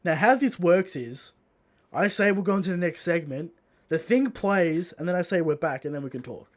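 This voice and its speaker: A man's voice: fairly high pitch, normal speed. A man hosting a live podcast, chatting casually and running segments with mock-solemn playfulness. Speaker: podcast host.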